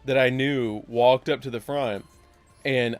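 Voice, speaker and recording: Animated male streamer telling a story. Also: medium pitch, slow pace, no room sound, faint music behind. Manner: animated, acts out both sides of the argument. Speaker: livestream host. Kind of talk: casual storytelling during a game stream.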